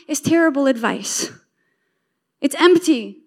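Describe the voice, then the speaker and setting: High-voiced woman preaching emphatically. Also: steady tone, normal speed, a bit bright. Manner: emphatic, repetitive, storytelling with voiced asides. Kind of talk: sermon.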